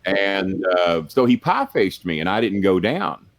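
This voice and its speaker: An older man with a very low voice tells long stories in a loose, profane, plain-spoken way. He rambles with many fillers and restarts. He is a guest on a podcast. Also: sing-song, measured pace, faint music behind. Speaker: podcast guest, former wrestling manager. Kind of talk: casual storytelling.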